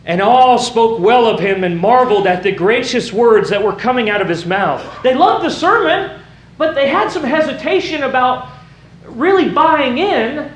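Male pastor, sermon delivery, high voice, lively, recorded in a roomy church. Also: normal speed. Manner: animated, rises to shouting for emphasis. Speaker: preacher. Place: church sanctuary.

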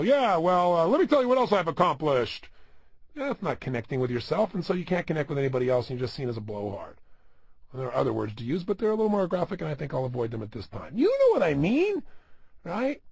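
A man's voice: on the high side, creaky, a little mellow, slightly rough, dry recording. A middle-aged man giving an emphatic self-help audio talk as a motivational speaker, firing rhetorical questions at the listener.

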